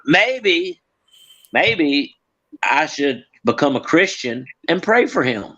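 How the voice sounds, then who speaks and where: A man's voice: big pitch swings, normal speed, very noisy. Joking crude guy, voice swoops up and down a lot, muffled lo-fi sound. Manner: crude, joking, swings pitch widely. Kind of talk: casual group chat. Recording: dull lo-fi audio.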